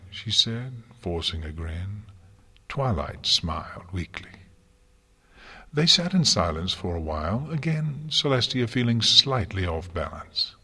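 A man reading a fanfiction story aloud in a measured, even way. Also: low-pitched, breathy edge. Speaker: narrator.

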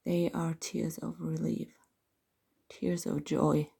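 Whispering woman, slow and gravelly. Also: sits low, little pitch movement. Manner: soft breathy whisper, slow and intimate. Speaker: narrator of an erotic audio story. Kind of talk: whispered role-play.

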